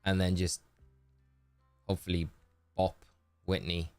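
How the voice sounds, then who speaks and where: Low-voiced man streaming a game. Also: level tone, unhurried, a little mellow, no echo, soft background music. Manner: chatty, thinking aloud, greets chat. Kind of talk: casual game commentary.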